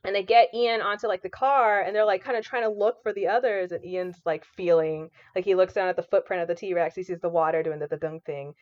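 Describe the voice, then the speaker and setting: A woman's voice: lowish voice, steady tone, fairly quick, hardly any pauses, darkish tone, no room sound, lo-fi sound. A woman co-hosting a podcast, casually retelling a movie with lots of fillers and acted-out quotes. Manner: chatty, many fillers, acts out quoted lines. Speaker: podcast co-host. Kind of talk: casual chat, recapping a movie.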